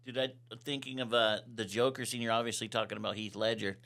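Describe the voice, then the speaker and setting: A man's voice: on the low side, flat delivery, quick pace, gravelly, a bit bright. A man hosting a podcast in casual chat, reacting eagerly with amazement. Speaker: podcast host.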